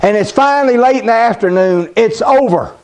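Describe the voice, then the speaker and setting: A preacher with a high voice for a man tells a scripture story in a folksy, dramatic way. He calls his listeners buddy and slows down to build tension. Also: darkish tone. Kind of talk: sermon storytelling.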